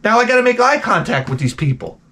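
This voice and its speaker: A middle-aged man rants through comic stories in a high voice with wild swings in pitch. He exaggerates everything, swears freely and piles up complaints with loud disbelief. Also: fast talker, slight background noise. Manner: animated, profane, exaggerated complaining. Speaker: comedic host. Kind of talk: comedic storytelling rant.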